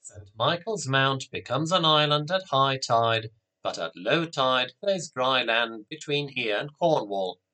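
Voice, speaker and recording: A man voicing an ancient, kindly wizard who speaks quietly and calmly. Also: mid-range voice. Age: older. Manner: quiet, unhurried, reassuring. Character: ancient wise male wizard, calm and kindly.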